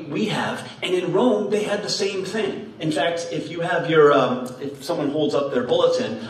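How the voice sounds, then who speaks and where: A man with a fairly high voice delivers a playful children's message in a church sanctuary, laughing while he tests the kids with riddles. Captured from afar, the audio has an echoey, distant sanctuary sound.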